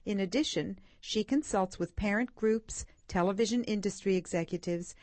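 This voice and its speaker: A woman co-hosting a talk show, reading a guest introduction in a measured, formal manner. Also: lowish voice, a little mellow, dry recording. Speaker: radio show co-host. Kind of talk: scripted introduction.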